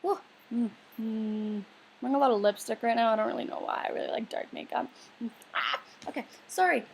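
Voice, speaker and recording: A woman's voice: a little high, a little fast, creaky, a little hiss or hum, rough recording. A young woman in a casual advice vlog, earnest and rambling, with many filler words. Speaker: vlogger.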